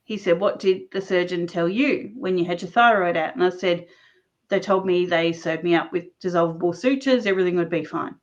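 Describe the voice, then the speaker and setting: A woman guest recounting her own story in conversation, animated and laughing often as she talks. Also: lowish voice, fairly quick. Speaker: interview guest. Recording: dull lo-fi recording.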